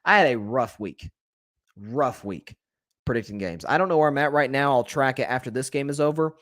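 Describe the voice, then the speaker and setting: A man's voice: mid-range voice, lively intonation, a little fast, fairly bright tone, dry recording, studio quality. A man hosting a solo sports talk show, opinionated and conversational, often restarting his sentences. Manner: conversational, frequent restarts and stammers, opinionated predictions. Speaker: sports podcast host.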